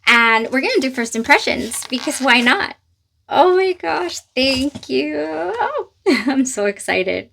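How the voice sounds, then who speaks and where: A woman chatting casually to camera as she reviews and unboxes perfumes, gushing and excitable with lots of fillers. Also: high voice, slow, vocal fry, slight background noise. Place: closet at home.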